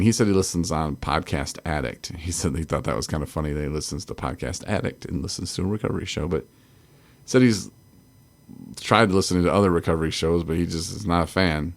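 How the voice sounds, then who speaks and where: A man's voice: low voice, brisk. A man co-hosting a recovery podcast, from Michigan, talking in a rambling way with frequent laughs and restarts. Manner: rambling, self-interrupting, laughs often. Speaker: podcast co-host. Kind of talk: casual chat.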